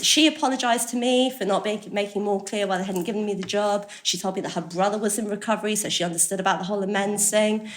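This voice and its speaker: A woman's voice: medium pitch, fairly even intonation, fast talker. A woman giving a candid, self-deprecating personal testimony at a recovery workshop, talking casually and swearing now and then. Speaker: recovery meeting speaker. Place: workshop room with listeners.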